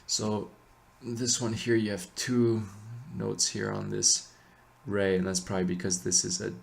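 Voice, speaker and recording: Man teaching chant, slow and halting, frequent ums, self-corrections. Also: on the low side, flat delivery, vocal fry. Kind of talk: casual explanation with sung chant examples.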